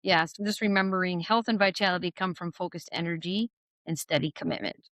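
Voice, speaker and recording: A woman with a lowish voice, speaking a little fast in a dry recording, hosts a conversational podcast interview. She's animated and often acts out quotes in a raised voice.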